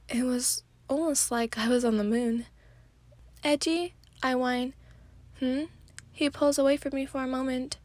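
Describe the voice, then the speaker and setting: A tired woman with a stuffy, blocked-up voice narrates a soft, sleepy ASMR story. Her voice is high and stays level, with little rise or fall. The recording is close and dry. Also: dry recording. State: stuffy nose.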